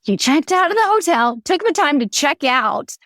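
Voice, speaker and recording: A woman hosting a podcast, telling a personal story in an animated, chatty way. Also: high voice, normal speed, dry recording. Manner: chatty and animated, tells stories with quoted voices. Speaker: podcast host. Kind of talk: casual podcast conversation.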